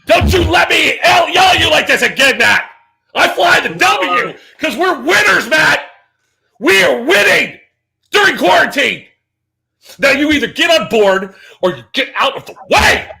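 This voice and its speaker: A brash, boastful wrestling-promo ranter, bellowing and whooping with a gravelly roar. The voice sits very high and strained, with a bright, sharp edge and swooping, animated pitch. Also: male voice, normal speed, heavily acted. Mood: scolding. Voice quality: gravelly shouting. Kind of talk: comic impression rant.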